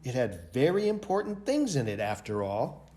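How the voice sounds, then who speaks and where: A man, a library director, reading a picture book aloud for a children's storytime in an expressive way. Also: medium pitch, moderate pace.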